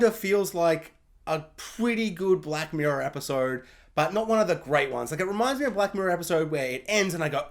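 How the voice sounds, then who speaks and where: A man's voice: on the high side, expressive, fairly quick. A man giving a casual spoiler film review, rambling with lots of "like" and firing off questions.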